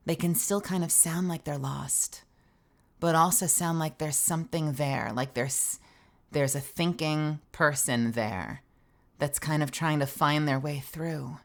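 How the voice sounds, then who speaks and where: A woman streamer with a low voice talks shop about voice acting in a loose, animated way, swearing freely as she goes. She is a voice actor herself and explains the craft to her viewers in a casual live-stream chat. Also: gravelly.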